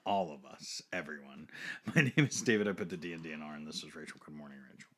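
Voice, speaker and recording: A man's voice: very deep voice, animated, quick pace. A man co-hosting a casual podcast from a home basement studio. He rambles, laughs often and repeats himself. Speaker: podcast co-host.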